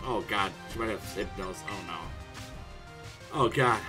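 Foul-mouthed man yelling over game music. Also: low voice, animated, measured pace. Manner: profane, swings from mutters to yelling at the game. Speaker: streamer. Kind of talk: casual live gameplay commentary.

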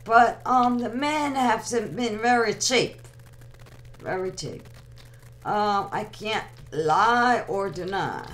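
A woman's voice: medium pitch, lively intonation, takes it slowly, fairly bright tone, poor audio. A young woman hosting an online radio show, rambling casually and teasing her listeners as she talks with them. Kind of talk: casual live chat with listeners.

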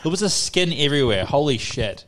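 A man's voice: on the high side, a little fast. Crude young man from New Zealand. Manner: crude, swears a lot, animated storytelling. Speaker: podcast co-host. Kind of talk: casual chat.

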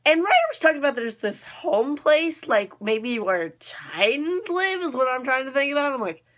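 Bubbly young woman with a bright voice. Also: high-pitched, normal speed. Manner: bubbly and excitable, lots of "like" and "um". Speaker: anime reviewer. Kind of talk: casual episode review.

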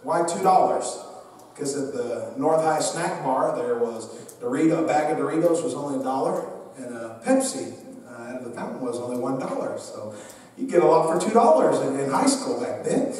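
Lively storytelling pastor in echoey hall. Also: male voice, mid-range voice, normal speed. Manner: humorous, lively storyteller who acts out the people in his stories; talks directly to the congregation and jokes with them. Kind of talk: sermon with personal storytelling. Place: church sanctuary. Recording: echoey church hall, mic at a distance.

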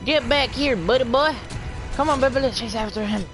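A man with a very high-pitched voice talks fairly quickly while playing a video game next to a child, game music playing behind. He's excitable and playful, humming tunes and yelping with gasps and yells at the action.

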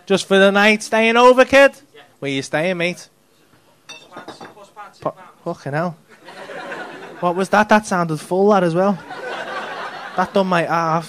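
A man's voice: sits high, a bit bright. A male stand-up comedian, teasing the audience in sweary banter on a comedy club stage. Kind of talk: crowd work at a comedy club. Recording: noisy live club recording. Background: audience laughter.

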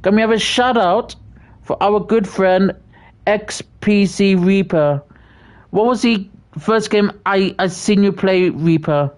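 A British livestream host chats casually at a slow pace in a medium-pitched voice. He reads viewer messages aloud and gives friendly shout-outs, stammering and repeating words often.

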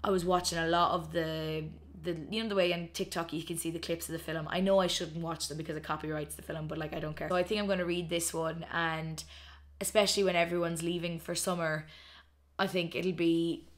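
Chatty Irish woman vlogging, lowish voice. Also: steady tone, a little fast. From Ireland. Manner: chatty, long-winded, self-mocking. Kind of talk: casual chat to camera.

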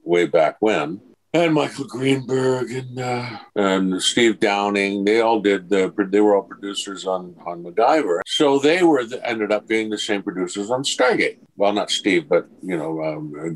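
A man's voice: lowish voice, measured pace, poor audio. An older man, an actor, telling anecdotes in an interview and acting out the dialogue with a chuckle. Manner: lively storyteller who acts out dialogue, chuckles. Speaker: actor guest.

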